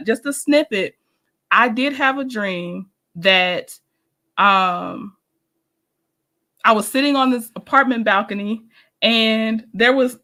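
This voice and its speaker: Woman doing a live stream, bright voice, chatty, laughs a lot, answers her chat. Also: fairly high pitch. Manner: chatty and animated, laughs often, restarts sentences.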